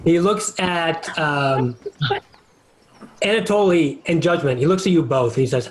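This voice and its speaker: A man narrating as game master for a tabletop game, easygoing and quick to laugh. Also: fairly high pitch, slight background noise, low-quality recording.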